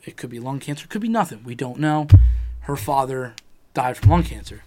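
A man's voice: mid-range voice, animated, a little fast, a little mellow, faint music behind. A man in casual chat, telling a rambling personal story, swearing freely and acting out what people said.

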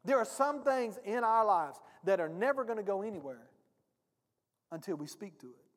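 A man's voice: high-pitched, expressive, moderate pace. A male pastor preaching a sermon, emphatic and speaking directly to his congregation. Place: church sanctuary. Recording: long reverb of a church hall.

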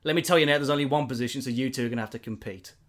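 A man voicing a gruff, middle-aged male newspaper editor who barks curt, harsh orders. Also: medium pitch, very fast, a bit bright, natural voice. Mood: brusque. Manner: curt, barking.

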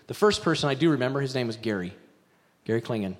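A middle-aged man preaching a sermon, telling a story in an animated, rambling way with asides. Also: mid-range voice, quick pace, long reverb tail. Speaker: pastor. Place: church sanctuary.

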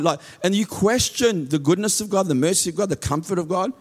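A man preaching a sermon, reading Bible verses slowly and then explaining them in an earnest way, often repeating and restarting his words. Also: high-pitched, husky. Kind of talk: sermon teaching from scripture.

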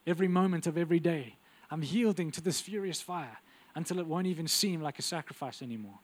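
Intense high-voiced man preaching. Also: fast. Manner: intense, swings from loud urgency to quiet intimacy. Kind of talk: sermon.

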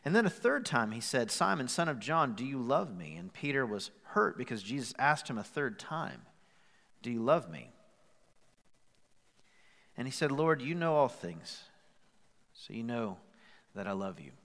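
A male pastor preaching a sermon with growing passion, rising louder and higher as he drives his points home. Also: big pitch swings, a little slow, pauses often. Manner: impassioned, rising in pitch and volume as he presses his point. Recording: long hall reverb.

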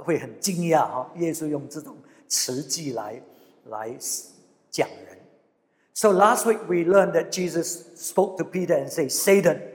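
A man preaching a bilingual sermon, earnest, repeating phrases and reading scripture slowly. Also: a little high, a little mellow, long reverb tail.

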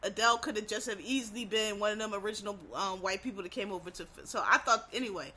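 A speaker with a Philadelphia accent chats straight to the camera in a loose, rambling monologue, swearing freely and calling the audience "y'all". The voice is bright and forward, with a middling pitch. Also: fast, rough recording. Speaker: vlogger. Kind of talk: casual monologue to viewers.

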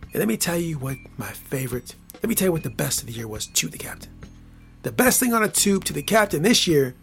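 A man hosting his own podcast, talking casually in a rambling, repetitive, playful way that swings from hushed to excited. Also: fairly high pitch, quick pace, gravelly, faint music behind. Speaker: podcast host. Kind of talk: casual solo podcast monologue.

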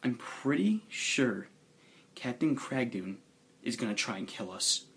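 A man voicing a male shipmate who lowers his voice and haltingly shares a grim suspicion. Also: expressive, a bit bright. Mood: hushed. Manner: low, halting, conspiratorial.

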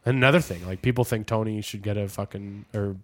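Excitable man in casual podcast chat. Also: fairly low pitch, fast. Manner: excitable, many fillers and restarts. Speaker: podcast co-host.

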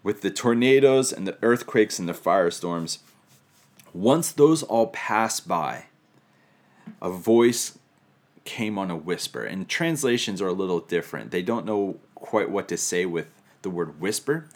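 Male preacher with a low voice, unhurried and reflective sermon delivery, a bit wry. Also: lively intonation. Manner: reflective, lightly humorous teaching. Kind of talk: sermon on scripture.

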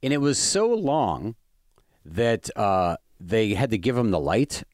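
A man's voice: on the low side, big pitch swings, slow, a little mellow, no room sound, clean studio sound. A man who is a stand-up comedian, telling a story in casual chat, rambling with lots of fillers and restarts.

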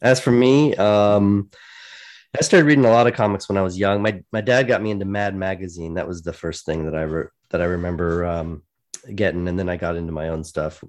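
A man, a comic book writer, chatting relaxed as a podcast guest. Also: low-pitched, normal speed. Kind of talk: casual podcast interview.

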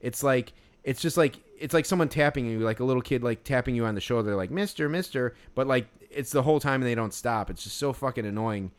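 A man's voice: mid-range voice, fast, few pauses, smooth. A man telling a story in casual chat, rambling with many fillers and restarts. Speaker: podcast co-host.

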